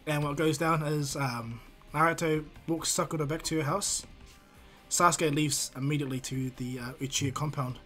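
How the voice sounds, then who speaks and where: A man's voice: fairly high pitch, steady tone, normal speed, a bit bright, soft background music. A man improvising a fan-fiction story, rambling with many fillers and restarts.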